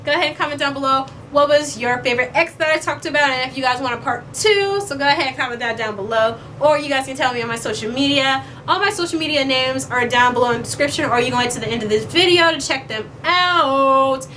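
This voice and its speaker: A woman's voice: high voice, fast talker, few pauses, sharp tone, slight background noise. A young woman chatting playfully to camera as a vlogger, acting out quoted lines as she goes. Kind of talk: casual chat to camera.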